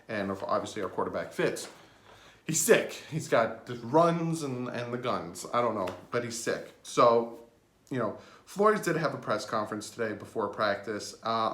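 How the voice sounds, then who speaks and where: A man giving casual fan commentary on his sports vlog, full of joking, sarcastic asides and sudden jumps in pitch. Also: fairly bright tone. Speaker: sports vlogger. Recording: roomy echo.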